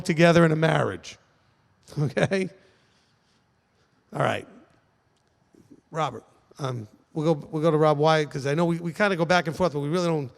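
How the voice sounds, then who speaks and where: With a fairly high voice, vocal fry, and big-room sound, a rabbi answers questions for a congregation. He teaches casually and emphatically, often pausing to ask "okay?"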